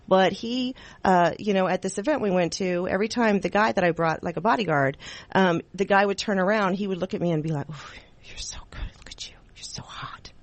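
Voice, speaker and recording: A woman hosting a talk radio show, chatting in a rambling, giggly, animated way into a studio microphone. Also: mid-range voice, dry recording. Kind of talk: casual talk radio chat.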